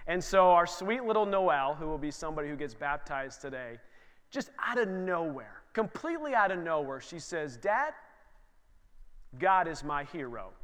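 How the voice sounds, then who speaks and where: A high-pitched male pastor in his thirties delivers an animated sermon, slipping into his children's voices as he tells family stories. His voice rings out with a long hall reverb, as in a church sanctuary. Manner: animated storytelling, acts out his kids' voices.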